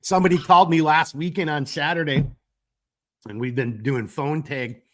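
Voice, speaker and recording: A man who owns a gear company hosts a live stream while fighting a cold, reading out viewer comments in a rambling, casual way full of fillers and the occasional curse. His voice is fairly high and fairly bright, with a steady tone and a moderate pace.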